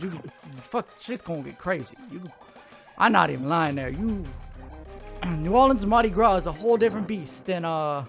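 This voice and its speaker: Man, high voice, rambling, full of fillers, casual chat. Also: a bit bright. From Louisiana. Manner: rambling, filler-heavy, laughs often. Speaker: show co-host.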